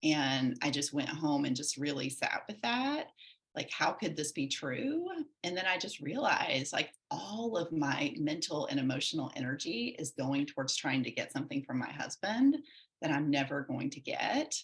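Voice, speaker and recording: A woman in her forties with a low, deep-set voice tells her own story as a podcast guest. She speaks in an earnest, reflective way, with loose run-on sentences. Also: big pitch swings, moderate pace. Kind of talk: candid personal storytelling.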